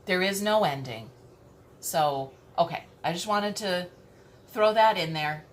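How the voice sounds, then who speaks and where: Lowish-voiced woman doing a spiritual talk, keeps saying okay, swears a bit, faint hum behind. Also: measured pace. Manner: emphatic, repeats herself, frequent "okay?" check-ins, swears casually. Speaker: tarot reader. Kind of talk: spiritual teaching monologue.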